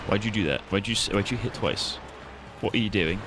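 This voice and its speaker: A man's voice: lowish voice, brisk, music in the background. A young man giving casual, reactive gameplay commentary, joking and swearing as he plays. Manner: joking, reactive, swears freely, laughs at his own bits. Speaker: streamer.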